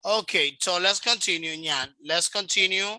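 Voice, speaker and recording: Bright, patient man teaching online. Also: high voice, normal speed, dry recording. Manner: patient, repeats himself, models word stress. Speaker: English teacher. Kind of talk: online one-on-one English lesson. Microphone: video call.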